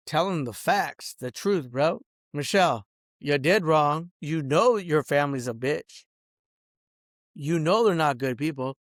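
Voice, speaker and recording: A man's voice: on the high side, dry recording, studio quality. Profane middle-aged man ranting. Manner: profane, rambling, tags sentences with "bro" and "dog". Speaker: vlogger. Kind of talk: angry rant to camera.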